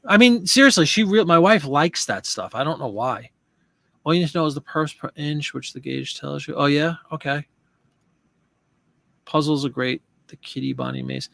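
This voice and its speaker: A man's voice: fairly high pitch, moderate pace, gravelly, a bit bright, no echo. A man hosting a live chat show, talking casually and rambling with restarts and asides.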